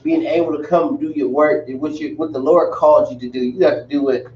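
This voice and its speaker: A man's voice: a little high, steady tone, fairly quick, darkish tone, reverberant, highs cut off, a little hiss or hum. A man teaching a language class in a casual, repetitive way, calling his students y'all, recorded from a distant mic in a room.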